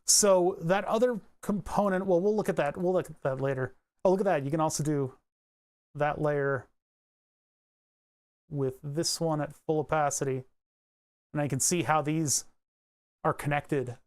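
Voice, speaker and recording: A man's voice: on the high side, steady tone, a little slow, pauses often, darkish tone. Rambling man thinking aloud in a tutorial. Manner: rambling, joking, mutters while drawing; grumbles wryly about his tools. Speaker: electronics hobbyist explaining circuit tracing. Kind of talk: casual screen-recorded tutorial, thinking aloud.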